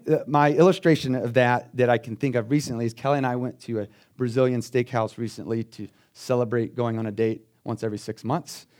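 Pastor guy preaching, chatty stories, goes quiet then gets loud and excited. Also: medium pitch. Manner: conversational storytelling, swings between quiet asides and loud emphatic bursts. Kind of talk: sermon.

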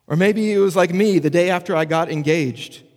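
A man preaching a sermon as pastor, moving between animated asides and hushed, slow emphasis. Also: high-pitched, long reverb tail.

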